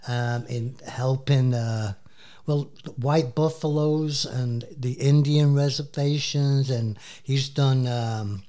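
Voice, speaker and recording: Slow-talking rambling male radio host. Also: mid-range voice, darkish tone. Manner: rambling, full of fillers and restarts. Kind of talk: casual music chat.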